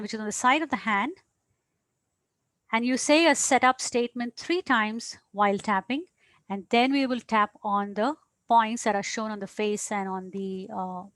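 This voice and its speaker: A woman coach patiently explaining a self-help technique step by step, pausing now and then to find her words. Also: a little high, a bit bright, dry recording. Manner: patient, explanatory, with small hesitations. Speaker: astrologer and coach.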